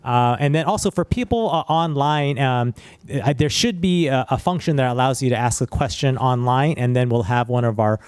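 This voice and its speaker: A man's voice: mid-range voice, normal speed, smooth, no echo. A man moderating a panel, organized and direct, with frequent fillers.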